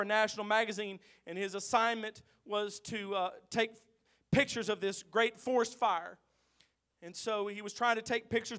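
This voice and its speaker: A man preaching a sermon, telling folksy joke stories in a low, even voice and then rising to loud, drawn-out shouts. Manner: swings from quiet storytelling to shouted, drawn-out exclamations; tells jokes in a folksy way.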